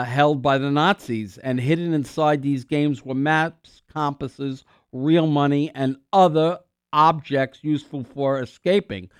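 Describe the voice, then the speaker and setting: A middle-aged man hosting a call-in radio show, rambling from point to point with plenty of "uh"s and restarts. His voice is smooth and resonant, close on a studio microphone with a dry, dead sound. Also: medium pitch, no echo. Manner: rambling, filler-heavy, restarts often; coughs and clears throat now and then. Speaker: radio host.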